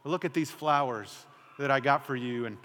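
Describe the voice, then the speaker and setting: A man preaching a sermon as pastor, earnest and dramatic, dropping to a hushed voice at times. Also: mid-range voice, moderate pace. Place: church sanctuary. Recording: long hall reverb.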